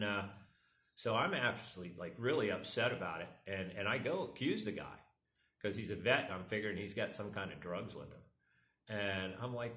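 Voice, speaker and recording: A man's voice: sits low, a bit bright. A middle-aged man vlogging, telling a rambling, self-deprecating story and acting out the quotes. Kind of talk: casual storytelling. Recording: echoey room.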